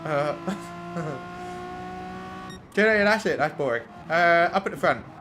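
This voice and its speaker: A man's voice: on the high side, lively intonation, moderate pace, sharp tone, faint music behind. A man streaming sim racing, blunt and sweary as he talks through race replays and chats with his viewers. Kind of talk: live commentary on race replays.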